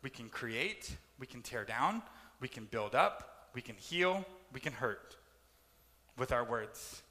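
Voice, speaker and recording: A man preaching a sermon as pastor, animated and acting out complaining voices. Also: mid-range voice, slow pace, in a large hall.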